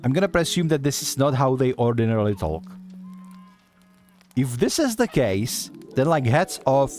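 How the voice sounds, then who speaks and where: A man's voice: mid-range voice, darkish tone. A man streaming a video game, giving casual commentary in a mocking tone, laughing often and swearing. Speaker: vtuber streamer.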